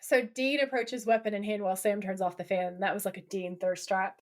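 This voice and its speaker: A woman's voice: medium pitch, flat delivery, a little fast. A woman co-hosting a podcast, chatting casually as she retells a TV episode, quoting characters with plenty of swearing. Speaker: podcast co-host. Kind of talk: casual chat recapping a TV episode.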